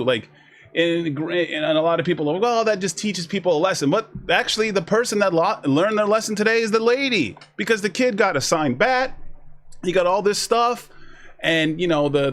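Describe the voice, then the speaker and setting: In casual live reaction commentary, this man talks to his chat about a video, rambling, restarting sentences, and acting out what others said. He speaks briskly and animatedly, his high-sitting voice fairly bright in tone.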